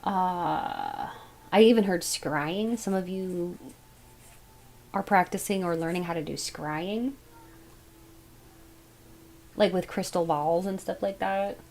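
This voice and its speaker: A woman giving a casual tarot reading, thinking aloud as she goes in a musing, unhurried way. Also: on the low side, a little mellow, poor audio. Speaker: tarot reader.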